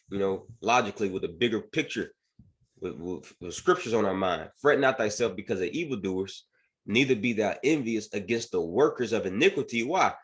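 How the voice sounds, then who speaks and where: A man teaches scripture in a lively, emphatic preaching manner. His voice sits a bit low. He keeps checking in with his listeners as he speaks. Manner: animated, emphatic preaching with frequent "man" and "right?". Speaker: bible teacher. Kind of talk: scripture teaching with news commentary.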